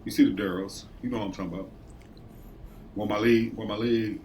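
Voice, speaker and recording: A man's voice: lowish voice, fairly even intonation, a little fast, darkish tone, slight background noise. A man in his late thirties telling work stories in casual podcast chat, swearing freely and acting out coworkers. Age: late 30s. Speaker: podcast co-host.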